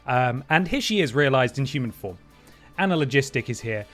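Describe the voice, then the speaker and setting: A man's voice: medium pitch, expressive, fairly quick, fairly bright tone, soft background music. A man hosting a game livestream, chatting wryly and thanking viewers. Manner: chatty and wry, with playful voice jumps. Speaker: livestream host. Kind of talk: casual stream chat, thanking viewers.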